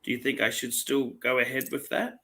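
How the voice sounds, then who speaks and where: A man hosting a casual livestream chat about watches, laughing often and repeating himself when excited. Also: mid-range voice, brisk. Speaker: livestream host.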